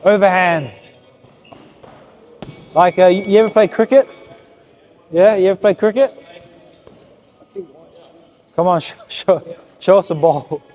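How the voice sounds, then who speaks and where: High-voiced boxing coach. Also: male voice, darkish tone. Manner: short repeated cues, brisk and encouraging. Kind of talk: hands-on coaching session. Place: boxing gym with heavy bag.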